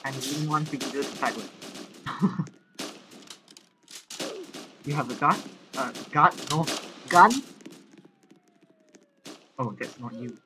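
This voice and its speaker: A man hosting a live game commentary, excitable and often shouting as he plays. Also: medium pitch, slow, pauses often, background noise. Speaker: gaming channel host.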